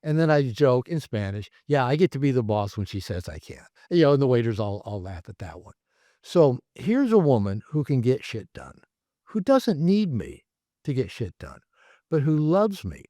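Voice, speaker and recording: A man, a therapist and author, telling stories in a casual interview, rambling and animated with many fillers. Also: mid-range voice, normal speed, dry recording, studio quality. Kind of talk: casual conversational storytelling. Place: his home.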